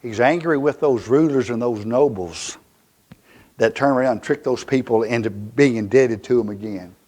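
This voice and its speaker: A male pastor with a Southern US accent preaching a fiery, emphatic sermon in a church, swinging from loud to hushed. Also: mid-range voice, moderate pace.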